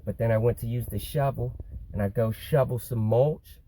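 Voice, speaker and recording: Dude vlogging, laid-back dark voice, rambling story w lots of "you know", bit of swearing, faint hum behind. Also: male voice, mid-range voice, moderate pace, low-quality recording. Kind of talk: casual storytelling.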